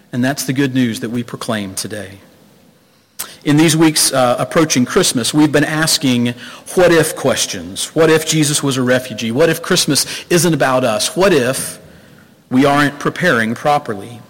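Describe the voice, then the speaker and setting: A male pastor preaching a sermon in a measured, storytelling way with hesitant fillers, in a church sanctuary. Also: medium pitch. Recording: echoey hall from far off.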